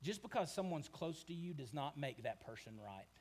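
A man preaching a sermon, animated, swinging from shouting to hushed tones and acting out the people in the story. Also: on the high side, moderate pace. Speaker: pastor.

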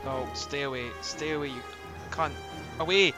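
A man's voice: fairly high pitch, normal speed, over music. A man joking and yelping as he plays a co-op game with friends. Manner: playful, yelping. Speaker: gamer. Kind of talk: casual game chat.

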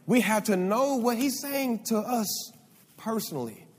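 A man's voice: high-pitched, animated, a little slow. A male pastor preaching a sermon, calling out for responses from the congregation. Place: church sanctuary. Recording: live hall reverb.

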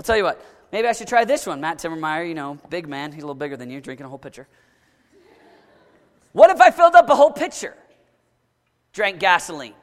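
A man preaching a sermon to a young crowd, dramatic, swinging from shouts down to low, intense murmurs. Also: in a large hall.

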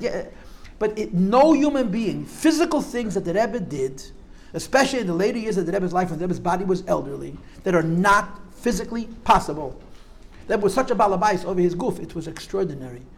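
An older man telling a live audience his memories in a vivid, demonstrative way, dropping in Yiddish and Hebrew terms. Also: high voice. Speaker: speaker recounting memories to an audience. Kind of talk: storytelling talk to a live audience.

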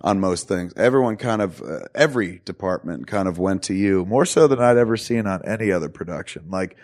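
A man with a lowish voice hosts a casual podcast interview. He talks in a lively, storytelling way, tossing out swear words as he asks his questions. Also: a little fast. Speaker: podcast host, director.

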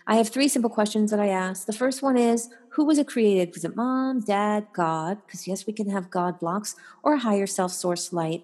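A woman guest on a podcast interview, a life coach who tells stories with animation and acts out the voices in them. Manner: animated storyteller, acts out voices with big pitch jumps.

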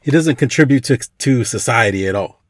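A man's voice: mid-range voice, expressive, normal speed, no room sound, studio quality. A man co-hosting a podcast, chiming in with short agreements and blunt opinions in casual chat. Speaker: podcast co-host.

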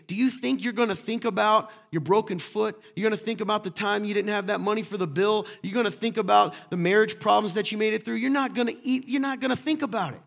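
A man's voice: sits high, gravelly. A male pastor preaching a sermon to a congregation in a conversational way, firing off rhetorical questions and joking asides. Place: church room with congregation.

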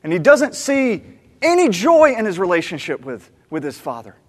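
A man from the American South preaching a sermon, animated and storytelling, acting out the characters and repeating phrases for emphasis. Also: sits high, normal speed. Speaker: pastor. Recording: long reverb of a large hall.

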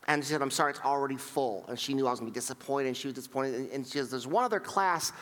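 Animated male pastor in a reverberant hall. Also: mid-range voice, racing. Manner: animated storytelling with acted-out quotes; frequent repetitions and restarts. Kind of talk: sermon.

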